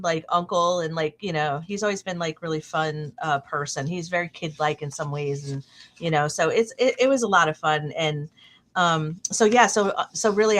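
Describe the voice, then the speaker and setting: A middle-aged woman hosting a casual chat stream, telling a long anecdote with fillers and lively quoted voices. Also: deep voice. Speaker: stream host.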